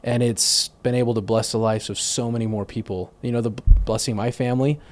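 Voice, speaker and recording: A man's voice: mid-range voice, steady tone, fairly quick. A man, a sales manager, talking as a guest in a conversation, earnestly explaining and praising a partner's work. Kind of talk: casual interview conversation.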